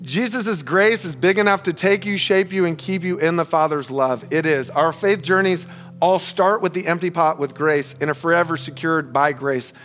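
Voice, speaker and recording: A man's voice: fairly high pitch, moderate pace, a bit bright. A man preaching a sermon as pastor, earnest and emphatic, calling his listeners friends and repeating key phrases for emphasis. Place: church sanctuary.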